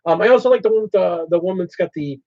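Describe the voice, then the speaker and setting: A man's voice: high voice, fast, a little mellow. A man hosting a casual hobby channel chat, thinking aloud as he explains his plans. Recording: slightly dull lo-fi audio.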